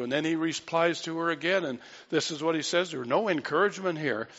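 A man's voice: a little high, normal speed. A man preaching a sermon, retelling a Bible story and acting out the voices in it. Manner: storytelling, acts out quoted voices with dropping softness. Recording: dull lo-fi sound with long hall reverb.

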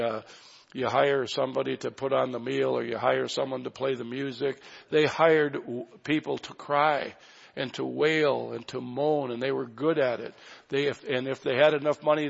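A man preaching a sermon with a gravelly, fry-tinged voice, pressing his points earnestly and slowing down on the phrases he wants to land. The recording is muffled and dull, and his words ring out with a long reverb as if in a big church hall. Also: medium pitch. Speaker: pastor.

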